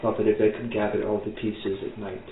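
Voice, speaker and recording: Man doing a solemn, frail old crone timekeeper, slow and mournful, on an echoey, phone-like call with music under it. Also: fairly low pitch, flat delivery, natural voice. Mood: weary, solemn. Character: frail ancient woman timekeeper, weary and sorrowful. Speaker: game master. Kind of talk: voicing a character in a tabletop game.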